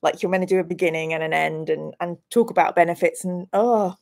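A woman's voice: on the low side, brisk, creaky, few pauses. Bubbly woman streaming a gamebook. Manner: bubbly, self-deprecating, bursts of excited squeals. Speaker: streamer hosting a gamebook playthrough. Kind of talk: live-stream chat and gamebook reading.

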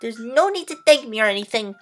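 A man's voice: extremely high pitch, lively intonation, quick pace, faint music behind, pitched above the performer's own voice. A man voicing a small, assertive, prickly teenage girl who speaks brashly and defensively in a voiced game playthrough.

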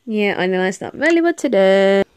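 A woman's voice: medium pitch, lively intonation, brisk, darkish tone, clean tone, no room sound. A young woman live streaming a game, chatting casually with viewers, tired and yawning as she talks. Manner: chatty, greets viewers, yawns and laughs often.

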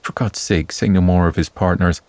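A man's voice: low-pitched, steady tone, moderate pace, darkish tone, no echo, close to an everyday voice. A man voicing an impatient, exasperated older husband with a sardonic edge in a bedtime story reading.

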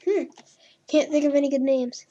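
High-voiced woman chatting through a horror game. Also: moderate pace, warm tone, highs cut off. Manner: chatty, talks to game characters, mild swearing. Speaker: gaming channel host. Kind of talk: playful horror-game commentary.

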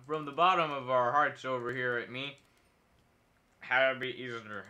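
Young male streamer, slow and unhurried, very bright tone, goofy rambling commentary with nonsense noises. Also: medium pitch, steady tone. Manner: silly, rambling, talks to himself and enemies, nonsense noises. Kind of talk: casual gameplay commentary.

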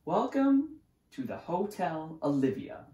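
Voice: medium pitch, sing-song, slow, dark tone, lo-fi sound, voice pushed up. A reader voicing a bossy, self-assured little girl who plays hotel owner, speaking politely and firmly, in a roomy echo. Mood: proud.

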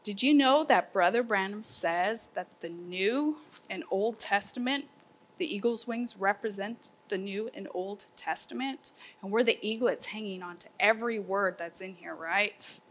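A woman teaching a children's Bible lesson, asking the class lively questions. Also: medium pitch, a little slow, breathy edge. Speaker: homeschool teacher.

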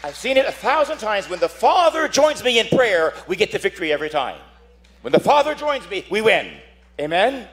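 A man's voice: sits high, big pitch swings, fairly quick, fairly bright tone. A man who is a priest, preaching a dramatic sermon, telling stories and acting out voices while asking "Amen?".

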